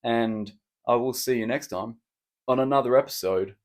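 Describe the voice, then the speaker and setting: A man's voice: mid-range voice, normal speed. A man hosting a solo podcast, chatting in a rambling, cheeky, self-mocking way. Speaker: podcast host. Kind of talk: casual solo podcast chat.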